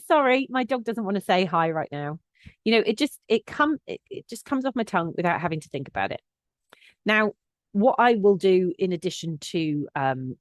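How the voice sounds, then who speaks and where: A woman's voice: lowish voice, no room sound. A woman with a chatty teaching manner, hosting a dog-training podcast and giving advice with plenty of fillers and restarts. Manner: chatty, with frequent fillers and restarts, lively when acting out quotes. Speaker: collie behaviour specialist and podcast host. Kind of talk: casual instructional podcast talk.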